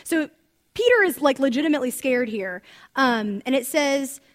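A woman teaching from the Bible in an animated, conversational sermon full of asides. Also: sits high, normal speed. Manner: animated, chatty storytelling with asides.

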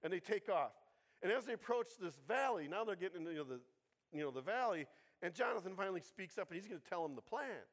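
His voice sits high and sounds animated, moving at a quick pace as this pastor delivers a laid-back, conversational sermon. Funny asides pop up, and he repeatedly asks his listeners "right?" as a rhetorical check.

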